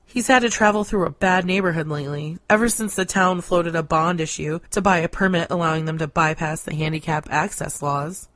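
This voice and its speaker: A woman narrating a short story in a deadpan, sardonic manner. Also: deep voice, fairly quick, hardly any pauses, dry recording. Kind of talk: scripted story reading.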